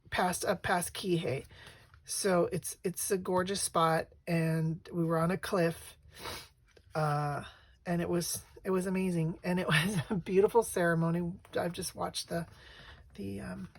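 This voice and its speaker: Soft-spoken, low-voiced middle-aged woman. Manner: soft, rambling, many fillers and restarts. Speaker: craft vlogger. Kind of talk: casual craft demonstration.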